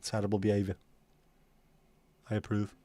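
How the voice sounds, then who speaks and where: A man's voice: fairly low pitch, monotone, normal speed, dark tone, no room sound. A man with a Liverpool accent hosting a livestream, chatting casually and bluntly with plenty of swearing while reading viewer comments. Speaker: livestream host.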